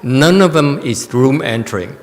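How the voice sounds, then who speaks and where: A man's voice: mid-range voice, lively intonation, unhurried, long reverb tail. A man teaching Buddhism in a Dharma lecture, often teasing and chuckling with his listeners. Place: temple hall.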